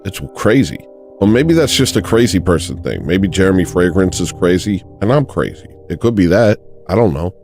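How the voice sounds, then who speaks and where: A man's voice: deep voice, big pitch swings, fairly quick, hardly any pauses, a little mellow, soft background music. A man hosting a comedic livestream, talking in a rambling, joking, self-mocking monologue. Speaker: livestream host.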